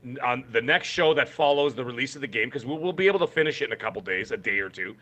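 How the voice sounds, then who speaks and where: A man's voice: mid-range voice, animated, quick pace, bright, forceful tone. A man co-hosting a gaming podcast, talking in an emphatic, rambling way with many restarts. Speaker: podcast co-host. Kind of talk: casual podcast chat.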